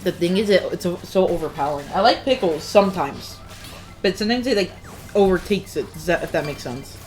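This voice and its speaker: A woman's voice: on the low side, animated, brisk, a little mellow. Giggly woman casting a tourney, voice jumps all over, faint music behind. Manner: giggly, laughs often, chats while eating. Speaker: tournament host and commentator. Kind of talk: casual esports commentary.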